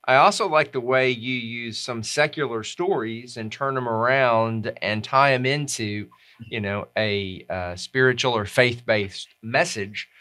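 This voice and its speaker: A man hosting a podcast, asking thoughtful, measured interview questions. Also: medium pitch, pushed and bright. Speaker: podcast host.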